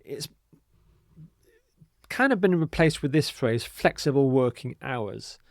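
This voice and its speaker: A man teaching English vocabulary, speaking clearly and deliberately and modelling the pronunciation and stress of each word. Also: mid-range voice, no room sound, clean studio sound. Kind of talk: scripted vocabulary lesson.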